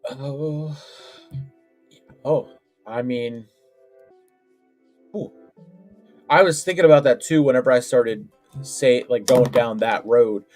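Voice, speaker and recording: A man's voice: mid-range voice, takes it slowly, pauses often, darkish tone, faint music behind. Hesitant man co-hosting a wrestling podcast. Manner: hesitant, many fillers and restarts. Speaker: podcast co-host. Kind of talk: casual wrestling chat.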